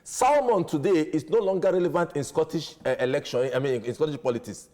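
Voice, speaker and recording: A man's voice: a little high, brisk, mellow, big-room sound. A man on a studio debate panel, arguing emphatically, repeating short denials and hunting for words.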